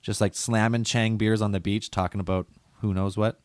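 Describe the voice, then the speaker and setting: A man with a low voice rambles through conspiracy-podcast chat, peppering it with "like" and casual swearing. The sound is dry and close, with no room around him. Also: level tone, normal speed, clean tone, dry recording. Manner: rambling, swears freely, many restarts with "like". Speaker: podcast co-host.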